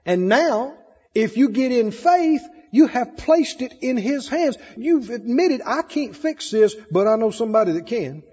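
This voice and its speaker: A man preaching a sermon, animated, swinging between loud emphasis and soft asides. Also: very high voice, a little slow, husky, long reverb tail, lo-fi sound.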